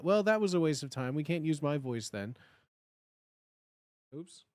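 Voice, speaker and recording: A man's voice: fairly high pitch, lively intonation, unhurried, long pauses, no echo. A man chatting casually on a live stream, nervous and muttering to himself between fillers. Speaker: livestreamer.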